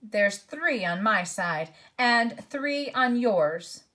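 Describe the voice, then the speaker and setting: A woman's voice: a little high, expressive, drawn-out words, sharp tone, heavily acted. Woman doing a surly male dwarf, cold and grumbling, storybook reading. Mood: bitter. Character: bitter, defiant male dwarf.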